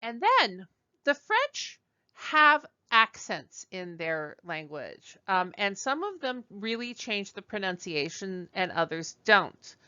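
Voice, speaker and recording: A woman teaching beginner French, unhurried and clear, carefully repeating each word. Her voice is bright and close, with dry sound on a somewhat dull, lo-fi recording. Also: medium pitch, big pitch swings, no room sound. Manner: slow, deliberate, repeats words for learners. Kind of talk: beginner language lesson.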